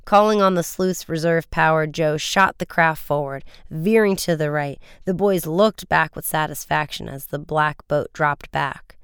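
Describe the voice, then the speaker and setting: A man's voice: on the high side, a bit bright, clean tone, no echo, studio quality. A man reading an adventure story aloud as a narrator, slipping into voices for the boys in the dialogue. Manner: does quick character voices for the boys in dialogue. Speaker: audiobook reader. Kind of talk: scripted narration.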